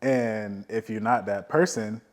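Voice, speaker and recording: A man's voice: fairly low pitch, a little slow. Laid-back male podcast host. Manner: relaxed, slangy, lots of short backchannel replies. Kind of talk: casual interview chat.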